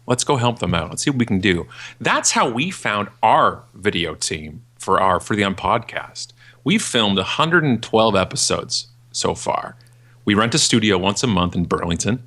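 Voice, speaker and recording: Man, forties, podcast guest, ranting, jokey, forceful tone. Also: sing-song, normal speed. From Canada. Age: 40s. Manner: ranting, jokey, acts out voices in high pitch. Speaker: guest, keynote speaker. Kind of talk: animated podcast interview.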